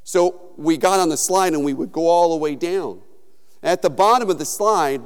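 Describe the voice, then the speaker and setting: Male pastor, conversational sermon delivery, smooth tone, reverberant sanctuary. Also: on the high side, normal speed. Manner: conversational, storytelling, with frequent fillers.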